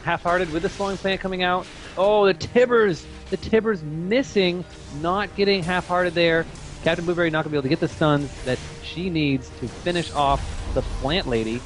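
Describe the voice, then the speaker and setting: A man giving steady play-by-play commentary on a competitive video game match. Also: fairly high pitch, faint music behind. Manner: rapid, steady play-by-play calling. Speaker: esports commentator.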